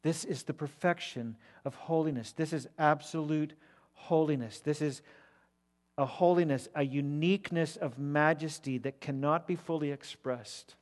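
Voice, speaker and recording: A man delivers an expository sermon from a church sanctuary. His voice sits slightly high, and he swells into loud, emphatic declamation on repeated words. A long reverb from the large hall trails after each phrase. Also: moderate pace. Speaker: preacher.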